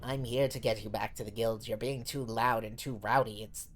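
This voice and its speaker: A man's voice: on the low side, steady tone, normal speed, background noise, lightly acted. A man playing a weary, scolding guild official. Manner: tired, scolding like a parent. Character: weary male guild official, patient, exasperated.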